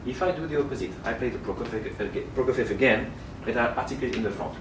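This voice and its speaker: A man's voice: medium pitch, quick pace. Man, French accent, flute masterclass teacher, echoey room, distant mic, background noise. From France. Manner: coaching with sung syllables and demonstrations. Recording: roomy, distant mic, noisy.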